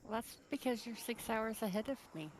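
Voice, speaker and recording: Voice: mid-range voice, animated, brisk, slight background noise, poor audio. A player chatting offhandedly with friends during a game. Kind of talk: casual gaming chat.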